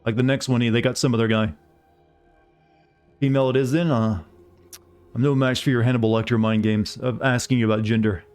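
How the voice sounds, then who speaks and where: A male game streamer with an average-pitched voice chats loosely with his live viewers. He rambles and greets them by name as he goes. Soft music plays faintly underneath. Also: fairly even intonation, brisk, pauses often, clear, resonant tone. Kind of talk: casual chat with live viewers.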